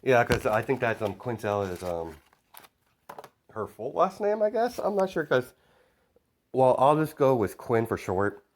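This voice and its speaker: A man's voice: mid-range voice, big pitch swings, unhurried, pauses often. A man improvising a fan story as a storyteller, rambling with many fillers and self-corrections.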